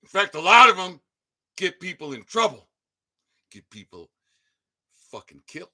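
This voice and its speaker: A man hosting a livestream, delivering an angry, swearing rant that breaks into shouting. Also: sits high, very animated, moderate pace. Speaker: livestream host. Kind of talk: profane ranting livestream. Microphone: desk mic, sometimes too close.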